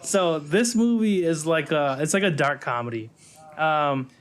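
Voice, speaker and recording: A man's voice: on the high side, unhurried, smooth. A man co-hosting a podcast, casually reviewing movies in a rambling way, full of fillers and acted-out quotes. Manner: rambling, lots of "like" and "um", acts out quotes. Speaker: podcast co-host.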